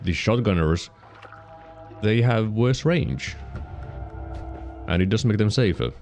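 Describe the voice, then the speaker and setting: A man with a low, deep voice and a Finnish accent talks through a game as he streams. He rambles, corrects himself mid-thought and explains the mechanics in casual detail, with soft music faint in the background. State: hiccuping. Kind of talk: casual gameplay commentary.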